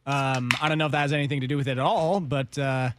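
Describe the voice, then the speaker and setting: A man's voice: mid-range voice, fairly even intonation, fast talker, noisy background. A man who produces a sports radio show, chiming in with offhand jokes. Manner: joking, offhand. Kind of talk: casual sports radio chat.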